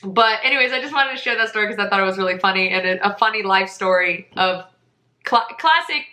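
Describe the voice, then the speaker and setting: A woman hosting a podcast, telling a story in a chatty, animated way and laughing often. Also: medium pitch, fast, reverberant. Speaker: podcast host. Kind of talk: casual storytelling monologue.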